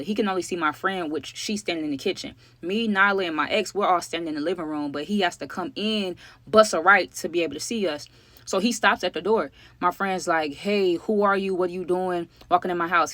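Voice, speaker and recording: A woman's voice: on the low side, fairly bright tone, dry recording. A woman telling a story in a casual vlog, slangy and talking straight to viewers, acting out what each person said. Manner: acts out the other people's lines.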